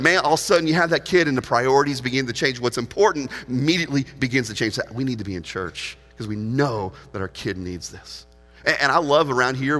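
A man in his forties, a pastor preaching a sermon with animated storytelling that swings between loud and hushed. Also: mid-range voice. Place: church auditorium. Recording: long hall reverb.

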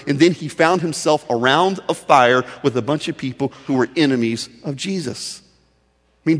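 Dramatic preacher man with a ringing hall echo. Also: a little high. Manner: dramatic, swinging between urgent emphasis and hushed drops. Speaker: pastor. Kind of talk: sermon storytelling. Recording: long hall reverb.

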